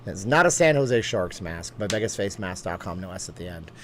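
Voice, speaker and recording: A man's voice: low-pitched, expressive, a bit bright, a little hiss or hum. A man hosting a casual live-stream chat, rambling from one topic to the next. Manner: rambling, chatty, quick asides and laughs.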